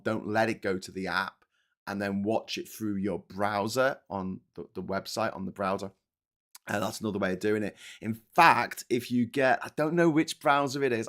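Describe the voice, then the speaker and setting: A man in a casual livestream, talking over the chat in a rambling, blunt way full of ums and the odd swear word. His voice sits a little low for a man. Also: a bit bright. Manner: rambling and blunt, with frequent swearing and filler words. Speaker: livestream host.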